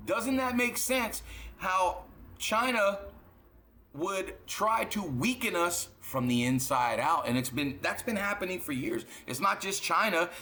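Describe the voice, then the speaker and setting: Blunt, profane man, bright voice. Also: high voice, slight background noise. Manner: blunt, profane, emphatic, repeats words. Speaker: reaction channel host. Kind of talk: casual reaction monologue.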